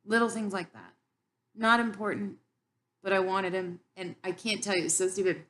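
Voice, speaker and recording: A woman giving an earnest, heartfelt Bible teaching about her own life, with frequent pauses. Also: mid-range voice, fairly even intonation, fairly bright tone. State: tearful. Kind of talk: personal devotional teaching.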